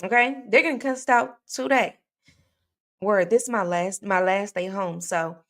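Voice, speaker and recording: A woman's voice: medium pitch, a little slow, fairly bright tone. Chatty woman livestream host, AAVE. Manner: chatty, reads comments aloud, frequent fillers and restarts. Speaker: true crime livestream host. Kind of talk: casual livestream chat with viewers.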